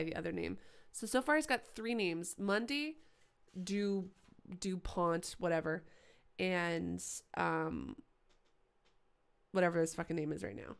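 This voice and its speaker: A woman commenting live as she plays a horror game, chatty and swearing, yelling at the characters. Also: lowish voice, vocal fry, a little hiss or hum. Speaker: streamer playing a horror game.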